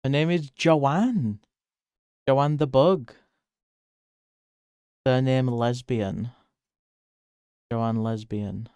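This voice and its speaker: This man's stream is casual talk over his drawing, full of giggles and free cursing, with occasional jumps to excited high-pitched squeals. He speaks at a relaxed pace in a smooth, clear voice. The recording is close and dry, carrying no room sound.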